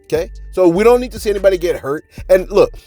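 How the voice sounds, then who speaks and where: A man hosting a celebrity gossip channel, talking casually to viewers with animated rhetorical asides and repeated words. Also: high-pitched, quick pace, soft background music. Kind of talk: casual gossip commentary to camera.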